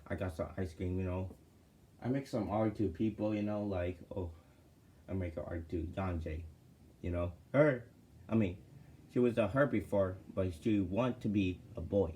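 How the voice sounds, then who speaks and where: A man's voice: sits low, mellow, slight background noise. A man casually telling a personal story to his viewers, rambling and full of fillers and restarts. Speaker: vlogger.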